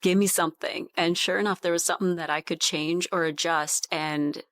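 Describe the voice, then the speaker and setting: A woman's voice: lowish voice, steady tone, normal speed, a bit bright, dry recording, studio quality. A woman and mother of five sons, a guest on a podcast, talking earnestly in casual chat.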